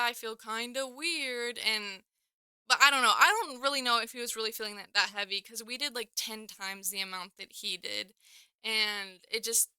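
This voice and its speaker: A young woman chatting through a storytime with a very bright, crisp voice that sits a little high. She rambles, packs in "like", and corrects herself mid-sentence. The sound is dry and close, with no room echo. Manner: rambling, filler-heavy, with many "like"s and self-corrections. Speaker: storyteller vlogger. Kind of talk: casual storytime.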